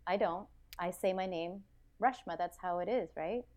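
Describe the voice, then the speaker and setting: This podcast guest is an American woman with a lowish voice who talks at a normal speed. In the casual interview chat she's animated and reflective, often restarting sentences and saying "like" a lot.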